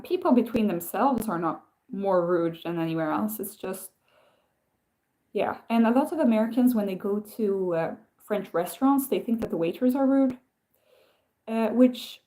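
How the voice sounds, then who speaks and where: Swedish woman hosting a casual livestream, unhurried and soft-toned, thinks aloud with fillers. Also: mid-range voice. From Sweden. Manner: rambling, musing, frequent "like" and "um". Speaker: livestream host.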